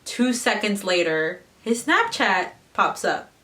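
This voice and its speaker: A woman's voice: mid-range voice, sing-song, slow, pushed and bright, recorded from a distance. Chatty young woman telling a story. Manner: chatty, swearing, mimics others in quotes. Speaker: vlogger. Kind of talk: casual storytime chat.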